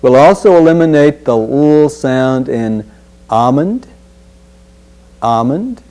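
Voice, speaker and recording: Man, speech teacher, pronunciation drill, unhurried, mellow tone, careful repetition. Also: mid-range voice, clean tone. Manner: slow, deliberate, repeats each word carefully. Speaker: speech instructor.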